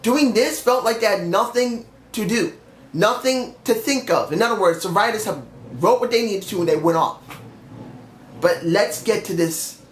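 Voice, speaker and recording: Feeling sick, a young man rants bluntly through a solo wrestling show review, swearing now and then. His voice sits high, he keeps a moderate pace, and the room sounds echoey.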